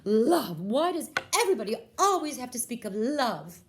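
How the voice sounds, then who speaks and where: A woman voicing an arrogant, spoiled young princess who is shrill and demanding. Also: sing-song, normal speed. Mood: haughty.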